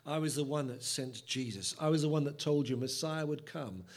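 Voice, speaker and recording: A man speaking as God in a calm, patient voice that is low, quiet and measured. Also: natural voice. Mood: solemn.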